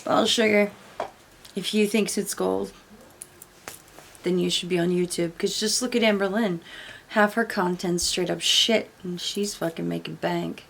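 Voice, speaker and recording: A woman's voice: on the low side, fairly even intonation, a little slow, vocal fry, fairly bright tone, slight background noise. A woman giving casual reaction commentary, blunt and sarcastic, swearing freely. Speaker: commentary YouTuber.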